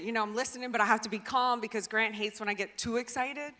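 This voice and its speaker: A woman telling a story in a keynote speech, chatty and animated, full of "like" and "you know". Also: a little high, fast talker. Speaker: conference speaker. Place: conference hall stage. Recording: large hall with long reverb.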